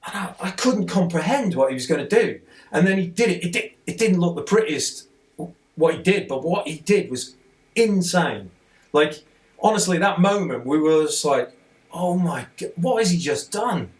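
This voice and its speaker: Sitting some distance from the microphone, this male podcast guest tells a rambling, excited story in a relaxed chat. His pitch is fairly high and his speed is normal.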